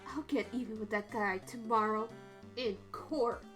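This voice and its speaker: A woman's voice: fairly high pitch, measured pace, fairly bright tone, faint music behind. A woman streaming a video game, joking and swearing in casual commentary. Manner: profane, joking.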